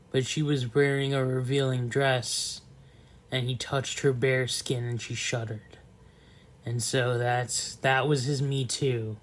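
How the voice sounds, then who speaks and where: A man talking to the camera in a slow, soft, rambling monologue, trailing off often and filling gaps with pauses. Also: medium pitch. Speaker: vlogger.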